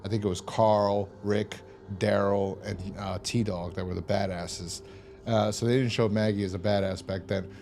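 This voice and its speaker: Low-voiced profane man recapping TV. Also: steady tone, normal speed, darkish tone, slight background noise. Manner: rambling, profane, exasperated asides. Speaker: TV episode reviewer. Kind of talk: casual episode recap.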